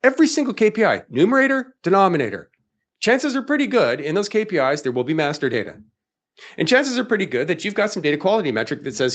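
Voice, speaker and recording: A man hosting a live webinar, talking in an emphatic, rhetorical way and firing off questions that he answers himself. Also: mid-range voice. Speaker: webinar host.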